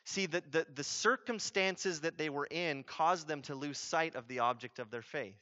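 Preaching at a normal speed, a man in the pastor's role is emphatic, poses rhetorical questions and repeats key phrases, shifting between loud urgency and a quiet hush. High frequencies are cut off in the audio.

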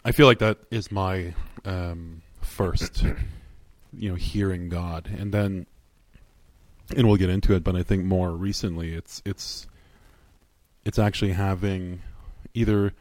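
A man's voice: deep voice, steady tone, slow, no echo. A man co-hosting a faith podcast, reflective and earnest as he shares a personal story. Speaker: podcast co-host. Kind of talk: casual podcast chat.

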